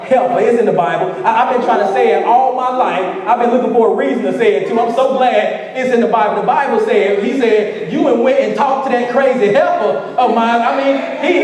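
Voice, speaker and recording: A man's voice: very high voice, darkish tone, recorded from a distance. A male pastor preaching a sermon in a playful, call-and-response way, repeating phrases to the congregation. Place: church sanctuary. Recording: echoey church hall from afar.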